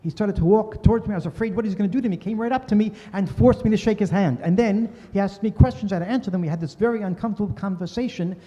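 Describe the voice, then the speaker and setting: A man's voice: high-pitched, racing, hardly any pauses, mellow. Earnest older man telling a story in a hall. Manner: earnest, voices quoted people. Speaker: speaker giving a talk. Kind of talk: storytelling talk. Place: synagogue hall. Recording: dull recording in a reverberant hall.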